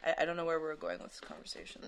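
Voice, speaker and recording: A woman's voice: sits low, sing-song, racing. A woman in her thirties with a Canadian accent, chatting enthusiastically as a podcast co-host. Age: 30s. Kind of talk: casual chat.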